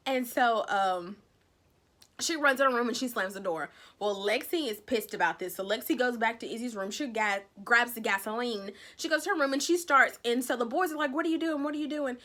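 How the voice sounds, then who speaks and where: A woman talks through a TV episode in a casual recap, with a bright, forceful voice pitched a bit high. She tells the story with lively energy and slips into the characters' lines as she goes. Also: normal speed. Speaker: TV recap vlogger.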